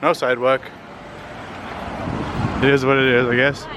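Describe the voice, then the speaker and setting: A man's voice: mid-range voice, normal speed, noisy background. A tired Canadian man narrating a casual travel vlog, rambling with lots of fillers as he walks around. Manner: relaxed, rambling with many fillers. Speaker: travel vlogger. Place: outdoors on city streets. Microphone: handheld compact camera.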